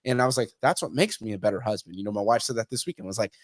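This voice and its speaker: A fairly low-pitched male voice comes across animated and rapid-fire as a podcast guest in casual conversation. He's blunt, swears often, and plays out the characters he quotes, all on clean studio audio without echo.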